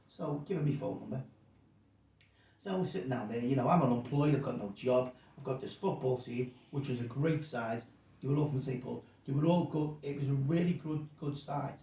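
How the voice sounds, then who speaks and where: A man's voice: medium pitch, a little fast, gravelly, warm tone. A man, telling an anecdote in a rambling, self-correcting way and acting out the quotes. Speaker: guest storyteller. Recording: roomy sound, distant mic.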